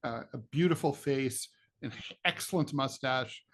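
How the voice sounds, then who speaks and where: A man's voice: medium pitch, measured pace. A middle-aged man co-hosting a political podcast, telling rambling stories with jokey asides in casual chat. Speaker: podcast co-host, political cartoonist.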